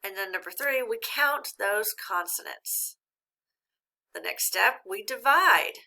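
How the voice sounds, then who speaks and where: A woman teacher giving a recorded reading lesson, speaking slowly and clearly and encouraging young learners. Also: medium pitch, expressive, bright, forceful tone.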